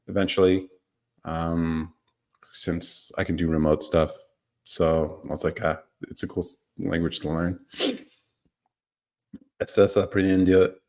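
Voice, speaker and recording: Hosting a live stream, a man with a low, creaky voice reads viewer comments and chats casually. His manner is relaxed, and he often chuckles and lets sentences trail off.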